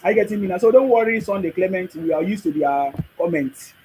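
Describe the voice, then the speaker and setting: This is a man with a Nigerian accent and a noticeably high voice, hosting a live stream. He speaks emphatically, repeats his points, and talks back to his viewers' comments in a preachy way. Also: a little fast, darkish tone, slight background noise, poor audio. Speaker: livestream host.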